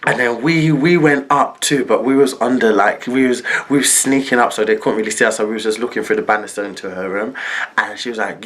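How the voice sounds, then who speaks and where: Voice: mid-range voice, fairly quick, a bit bright. A young adult telling a storytime vlog, acting out every quoted person. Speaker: vlogger.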